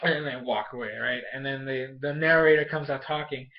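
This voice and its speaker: Excitable rambling young guy, dull lo-fi sound. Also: mid-range voice, fairly quick. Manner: rambling and excitable, lots of fillers and restarts. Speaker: anime episode reviewer. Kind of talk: casual recap and review. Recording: dull lo-fi home recording.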